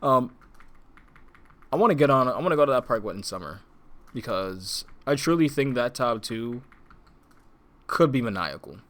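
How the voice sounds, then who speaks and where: A man's voice: medium pitch, animated, moderate pace, pauses often, fairly bright tone. A young man co-hosting a casual podcast, rambling with lots of fillers, restarts and laughs. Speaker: podcast co-host. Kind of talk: casual chat.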